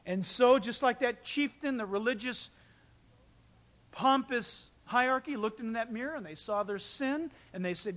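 A pastor preaching a sermon, telling stories with animated delivery and acting out quoted voices. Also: male voice, extremely high pitch, moderate pace. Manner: animated storytelling, acts out quotes.

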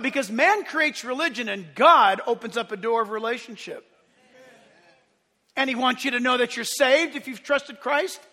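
A man's voice: extremely high pitch, creaky, pushed and bright, big-room sound. A middle-aged man preaching a sermon as pastor in a church sanctuary, impassioned and emphatic.

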